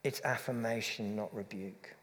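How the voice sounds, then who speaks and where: A man preaching a reflective, conversational sermon that softens to a gentle hush. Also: lowish voice, steady tone, normal speed, long reverb tail.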